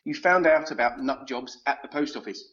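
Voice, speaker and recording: German-accented man, calm and explanatory. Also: medium pitch, brisk, dull audio. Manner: explains at length, calm and matter-of-fact. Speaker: podcast guest. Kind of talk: casual chat.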